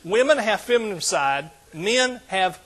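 A male pastor delivers a sermon with a slightly raised pitch. His voice is husky and a little breathy. He talks straight to the congregation and often swells into loud exclamations. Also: expressive, unhurried. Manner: preaching with call-and-response, rising to shouts.

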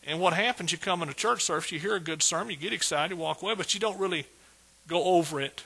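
A middle-aged pastor delivers a sermon with exuberant energy, repeating his points and calling out praise. His fast voice is bright, forceful, and husky, pitched a little high for a man.

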